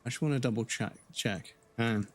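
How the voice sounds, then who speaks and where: A man's voice: medium pitch, normal speed. A man from the UK giving casual, rambling commentary while live-streaming a game, with many hesitations.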